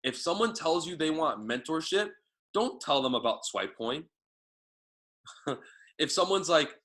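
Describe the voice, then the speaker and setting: A man leading a team sales training, talking excitedly and casually, swearing now and then as he fires up his audience. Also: on the high side, normal speed, pauses often, poor audio. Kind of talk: motivational training talk.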